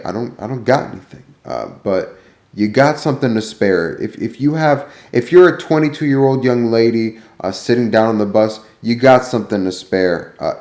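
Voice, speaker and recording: A man ranting, echoey room. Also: on the low side. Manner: profane, rambling, animated. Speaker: vlogger. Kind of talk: ranting vlog storytelling.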